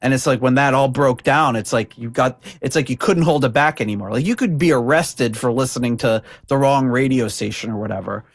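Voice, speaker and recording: A man co-hosts a music podcast and chats casually about lyrics. He rambles and doubles back, full of "like" and "you know". His mid-pitched voice sounds close and dry, with no room echo. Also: a little fast, few pauses. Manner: rambling, hesitant, many fillers and restarts. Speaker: podcast co-host.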